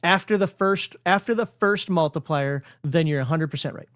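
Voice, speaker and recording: A man's voice: a little high, normal speed, a bit bright, dry recording, clean studio sound. A man with a Minnesotan accent hosting a casual livestream, explaining game rules while rambling, correcting himself and laughing often.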